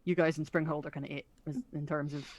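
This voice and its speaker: A woman narrating a tabletop game as game master, hesitant with many pauses. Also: sits low, level tone, darkish tone, no echo.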